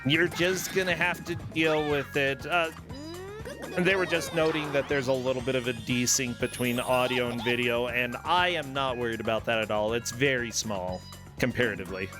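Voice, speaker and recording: A man with a mid-range voice hosts a laid-back game stream. He chats along and throws in playful, jokey remarks. Music plays clearly in the background. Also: mid-range voice, steady tone, moderate pace. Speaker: show host. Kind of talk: casual joking stream chat. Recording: music playing behind.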